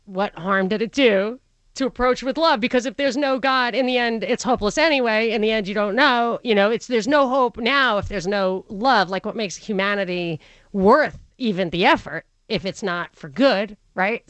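A woman hosting a talk show who talks in an animated, rambling way, with many restarts. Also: mid-range voice, dry recording. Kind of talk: casual chat.

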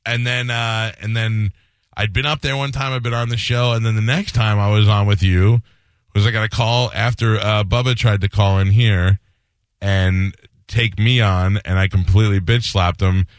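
Lowish dry-voiced radio host storytelling. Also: male voice, moderate pace, no echo. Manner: animated storyteller acting out quoted voices. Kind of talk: casual storytelling interview.

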